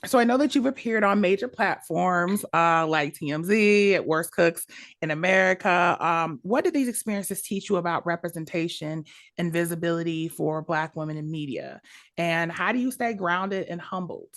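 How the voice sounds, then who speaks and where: Low, gravelly woman interview host. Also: moderate pace, fairly bright tone. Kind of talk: casual interview.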